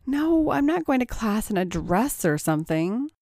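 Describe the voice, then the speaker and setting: A woman's voice: fairly high pitch, big pitch swings, moderate pace, a little mellow, no room sound, studio quality. A woman voicing a timid young male college freshman who pleads eagerly. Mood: pleading. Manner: pleading, breathless.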